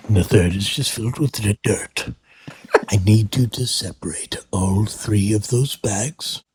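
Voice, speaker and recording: A man's voice: on the low side, husky, dry recording. A man doing a comedic voice of an odd, rambling stranger who hands out a strange quest and chuckles to himself. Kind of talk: comedy character bit on a podcast.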